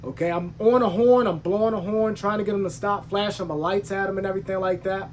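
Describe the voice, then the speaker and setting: A man's voice: high voice, steady tone, fast talker, slight background noise. Heated male trucker telling a story. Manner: heated, emphatic retelling with slangy asides; frequent restarts and self-corrections. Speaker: truck driver and channel host. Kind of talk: casual storytelling to camera.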